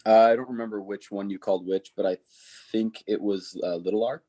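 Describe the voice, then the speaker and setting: A hesitant young man answers his teacher in an online class. His voice is low and mellow and comes through a video call. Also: steady tone, a little fast. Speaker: student.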